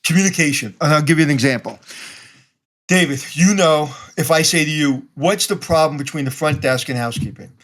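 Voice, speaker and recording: A Brooklyn, New York man guests on a podcast in a casual interview, speaking bluntly and directly and acting out bits of dialogue. His voice sits on the high side, fairly quick, with a fairly bright tone.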